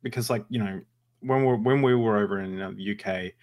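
Low-voiced Australian man, relaxed host. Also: a little fast, highs cut off. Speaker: podcast host. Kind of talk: casual chat.

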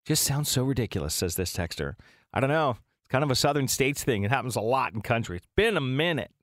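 A man's voice: medium pitch, expressive, fast, no room sound, clean studio sound. A man co-hosting a morning radio show, chatting casually, laughing often and reading out listener texts.

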